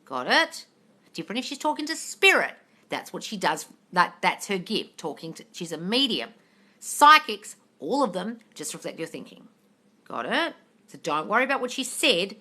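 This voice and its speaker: Blunt, bright-voiced woman answering live questions. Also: mid-range voice, sing-song, normal speed. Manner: blunt, swears freely, calls listeners darling. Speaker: manifesting coach answering live-stream questions. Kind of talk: casual live-stream Q&A.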